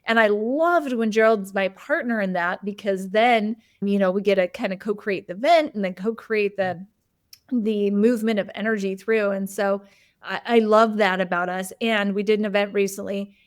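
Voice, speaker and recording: Woman, host, candid conversational storytelling, mid-range pitch, dry close sound. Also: normal speed, no echo. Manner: open, personal, frequent "like" and "you know" fillers.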